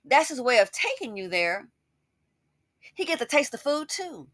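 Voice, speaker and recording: A woman's voice: sits high, big pitch swings, normal speed, fairly bright tone, no echo, clean studio sound. A woman giving sassy, scolding commentary in a casual style. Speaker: commentary host.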